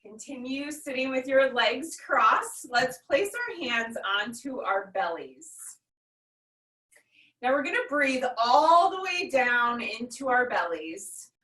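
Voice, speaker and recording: A woman teaching a children's yoga class, giving gentle, instructive breathing cues with playful animal noises. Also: sits high, big pitch swings, slow. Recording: echoey room, far from mic.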